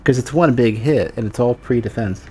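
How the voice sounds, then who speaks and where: A man's voice: medium pitch, normal speed, a little mellow, husky. A man streaming a video game, thinking aloud about damage numbers and reacting as he plays in casual commentary.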